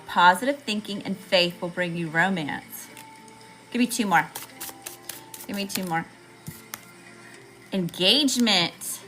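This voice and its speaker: A woman's voice: mid-range voice, bright, forceful tone, rough recording. A woman with a Southern US accent giving a chatty, slangy live tarot reading to viewers, calling them y'all. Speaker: tarot reader.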